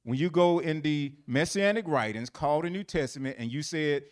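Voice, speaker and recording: A man's voice: a little high, a little fast, few pauses. A man teaching a Bible lesson, quizzing listeners with fill-in questions and repeating phrases for emphasis.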